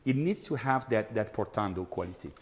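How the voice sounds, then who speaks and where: A man's voice: fairly low pitch, expressive, brisk. A man leads an opera master class, his voice rising and falling as he scats rhythms and sings phrases to the students. The talk rings out with a long hall reverb. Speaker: vocal coach.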